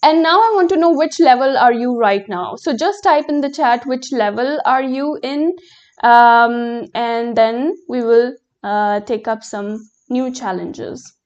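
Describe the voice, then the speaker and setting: Slow, patient woman teaching German live. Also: on the high side, a little mellow, muffled recording. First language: Hindi. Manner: slow, patient, explains with many fillers. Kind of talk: live-stream lesson, reading chat.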